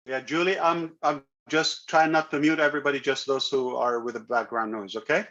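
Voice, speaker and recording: A man hosting a live online meeting, pitching a product with emphatic, repeated phrases. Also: fairly even intonation, moderate pace, a bit bright. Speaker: company leader hosting a live web meeting. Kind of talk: enthusiastic pitch to an online audience. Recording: dull lo-fi web call audio.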